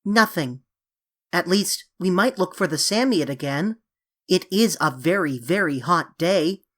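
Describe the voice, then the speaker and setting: A woman's voice: lowish voice, lively intonation, a little slow. A woman voicing an eager, coaxing young English girl who pleads dramatically, in a storybook reading. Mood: pleading.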